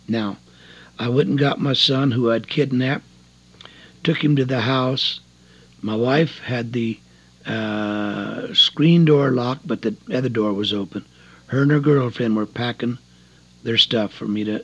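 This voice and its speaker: Older man, husky voice, evangelist sermon, folksy earnest storytelling, lo-fi tape sound. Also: mid-range voice, unhurried. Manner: folksy, earnest storytelling with rising emotional emphasis. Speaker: prison evangelist. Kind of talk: testimony sermon. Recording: dull lo-fi tape recording.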